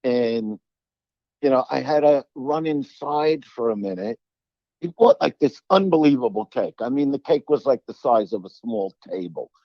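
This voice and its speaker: A man, a comedian telling profane, animated stories as an interview guest. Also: mid-range voice, normal speed, dry recording, dull audio. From Brooklyn, New York. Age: 60s. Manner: animated, profane, acts out quoted dialogue. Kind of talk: storytelling in an interview.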